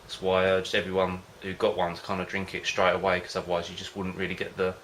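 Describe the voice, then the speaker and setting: A man's voice: deep voice, monotone, fast, fairly bright tone, slight background noise. A man vlogging about home brewing in a casual, rambling way, often hesitating and losing his thread. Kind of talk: casual rambling chat to camera.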